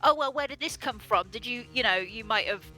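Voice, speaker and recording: A playful woman bantering on a stream, her bright voice swinging widely in pitch. It sits fairly high, with faint music behind. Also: animated, fairly quick. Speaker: regular cast member. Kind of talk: casual chat.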